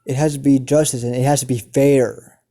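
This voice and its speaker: A man's voice: mid-range voice, level tone, moderate pace, warm tone, lightly acted. A man voicing a stern older brother obsessed with justice and fairness, lecturing in his own everyday voice. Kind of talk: fan story narration.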